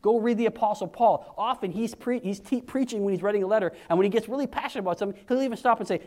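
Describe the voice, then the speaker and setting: In his forties, a preacher races through his sermon with hardly any pauses, his voice sitting high. He's animated and conversational, acting out what others say in hushed and raised voices.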